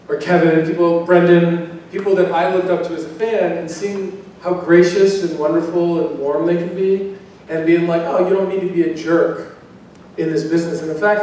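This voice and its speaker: A man's voice: fairly high pitch, distant mic, a little hiss or hum. Man telling stories in an echoey hall. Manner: relaxed, rambling anecdotes with restarts and acted quotes. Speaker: convention panel guest. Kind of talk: casual storytelling to a fan audience. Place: large convention hall. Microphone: handheld mic recorded from far in the audience.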